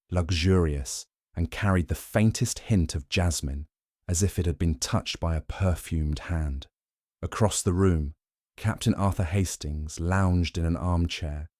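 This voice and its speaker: A man narrating a mystery audiobook in a measured, even storytelling manner. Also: sits low, dry recording, clean studio sound.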